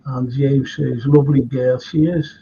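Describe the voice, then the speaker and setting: A man's voice: mid-range voice, fairly even intonation, a little slow, vocal fry, warm tone. An older man with a Liverpool accent, hosting a casual chat show, rambling and tired from lack of sleep. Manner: rambling, chatty, with frequent restarts. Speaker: host. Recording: dull lo-fi sound with faint noise.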